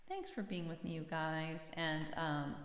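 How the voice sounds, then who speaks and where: A woman hosting a livestream, chatting casually between songs, gentle and encouraging, laughing as she tells a story. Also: deep voice, a little slow. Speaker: livestream host and singer-songwriter. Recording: roomy echo with long reverb, faint guitar.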